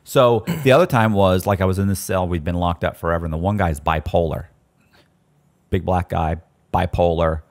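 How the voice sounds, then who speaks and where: A man telling stories in casual chat, animated and often restarting his sentences. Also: sits low, moderate pace. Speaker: guest storyteller.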